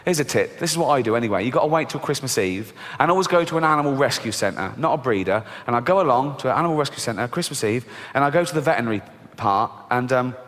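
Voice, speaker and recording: On a theatre stage, a middle-aged man delivers a quick, deadpan stand-up set, cursing freely and doing squeaky kids' voices. It's a live show caught on a stage mic, with long hall reverb, faint background noise, and the audience laughing.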